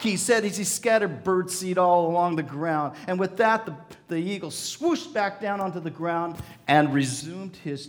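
A man preaching a storytelling sermon, animated, swelling and softening, often repeating words. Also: on the high side. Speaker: pastor.

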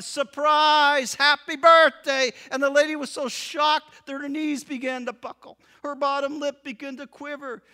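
Bright-voiced man telling a sermon story. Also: very high-pitched. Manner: animated, acts out voices in the story. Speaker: preacher.

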